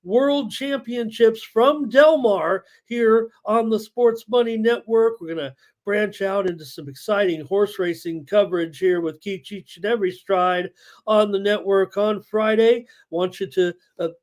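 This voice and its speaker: A man hosting a live sports betting stream, talking casually with frequent fillers and reading viewer chat aloud. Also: sits high. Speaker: sports betting show host.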